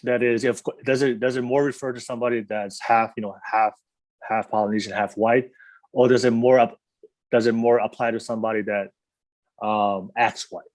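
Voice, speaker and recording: A man's voice: medium pitch, steady tone, moderate pace, darkish tone. Hesitant man hosting a casual interview. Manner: hesitant, full of restarts and repeated words. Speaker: podcast host.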